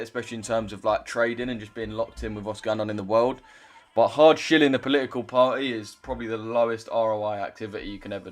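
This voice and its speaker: A young man chatting casually on a trading livestream, loose and chatty, swearing now and then as he reads out chat. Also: medium pitch.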